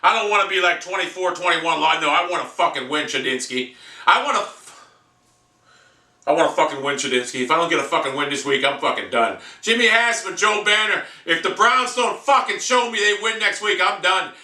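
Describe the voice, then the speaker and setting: In a house room full of echo, a man stands far from the microphone and fires off a furious, foul-mouthed fan rant. His pitch runs on the high side, and he sounds expressive, bright, and forceful, talking a little fast with few pauses.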